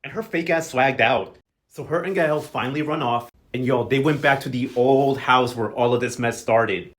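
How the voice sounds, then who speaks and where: A man's voice: mid-range voice, moderate pace, fairly bright tone. A young man giving a sassy, gossipy recap of a soap opera, casually chatting and briefly imitating the characters. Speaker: novela recap vlogger.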